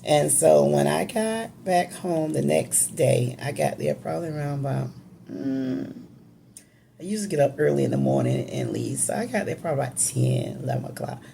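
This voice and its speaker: A woman's voice: low voice, sing-song, normal speed, creaky, warm tone, slight background noise. A woman telling an emotional personal story in a casual, conversational, emphatic way.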